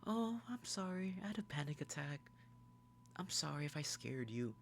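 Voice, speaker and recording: A man voicing an anxious, clingy young woman in a soft, hesitant, pleading way while retelling a movie. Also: a little high, very animated, normal speed, vocal fry, slight background noise, voice pushed up. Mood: apologetic.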